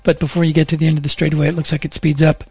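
A man reads the local traffic and weather on morning radio. His voice sits a little high and has a husky, gravelly grain. Delivery is steady and measured, close to a dry studio microphone. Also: dry recording. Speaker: traffic reporter.

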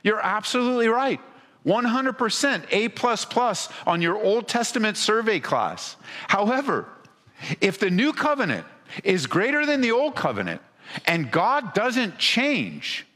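A man's voice: high voice, wildly swooping pitch, a little slow, bright, forceful tone, big-room sound. A man preaching as a pastor to a congregation, talking in a conversational way and firing off rhetorical questions with frequent restarts. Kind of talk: sermon. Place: church hall before a congregation.

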